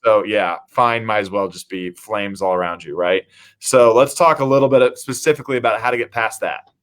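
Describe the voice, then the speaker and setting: Low-voiced casual man hosting. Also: brisk. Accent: American Midwest. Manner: casual, many fillers like "you know". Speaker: host, city mayor. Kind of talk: live talk show chat.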